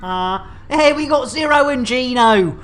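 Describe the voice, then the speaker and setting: A woman's voice: sits high, expressive, a little slow, soft background music. A woman hosting a game stream, joking and bantering with bawdy humour. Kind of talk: casual game-stream chat.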